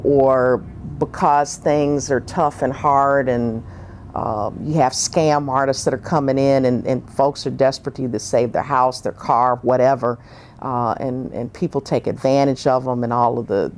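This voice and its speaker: A woman with a low, gravelly voice tells her story in an oral history interview. She speaks frankly and reflectively, pausing often with fillers as she gathers her thoughts. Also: fairly even intonation, a little mellow, a little hiss or hum. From northern United States.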